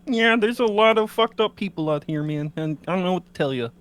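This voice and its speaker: A player voicing an excitable frog friend who turns cagey and vague. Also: mid-range voice, fairly quick, clean tone, pitched above the performer's own voice, natural voice.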